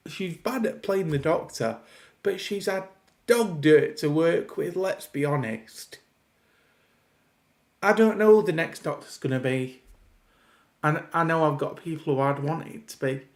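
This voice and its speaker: Male reviewer, slightly high voice, slow exasperated ranting delivery with restarts. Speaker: video reviewer. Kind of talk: casual reaction review.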